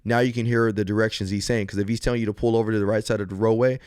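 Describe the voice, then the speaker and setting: A man's voice: fairly low pitch, little pitch movement, very fast, a little mellow, smooth, no room sound, clean studio sound. A man, a police officer hosting a podcast on his own, explaining step by step in an earnest manner with frequent restarts and fillers. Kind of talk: solo podcast advice talk.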